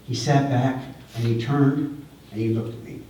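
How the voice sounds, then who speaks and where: A middle-aged man delivering a heartfelt eulogy at a memorial service, halting and repeating words as he speaks with feeling. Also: medium pitch, fairly even intonation, warm tone, a little hiss or hum. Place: large hall at a memorial service. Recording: echoey hall, voice far from the mic.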